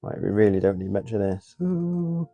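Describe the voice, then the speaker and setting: A man's voice: deep voice, monotone, fast talker, gravelly, no echo, dull audio, soft background music. A man chatting casually on a live stream while he builds a model, muttering as he works and answering viewers. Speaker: model railway hobbyist streamer.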